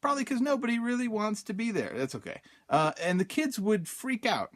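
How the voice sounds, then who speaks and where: A man's voice: sits high, expressive, a little fast, fairly bright tone. A man hosting a self-help podcast, telling a personal story casually, with many fillers, and acting out his own thoughts in quotes. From Utah, USA. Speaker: podcast host.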